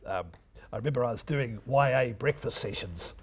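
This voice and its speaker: An older man from New Zealand, a veteran radio broadcaster, lectures students in a slightly rough, medium-pitched voice at normal speed. His reminiscing talk is full of anecdotes, and he mimics old announcers.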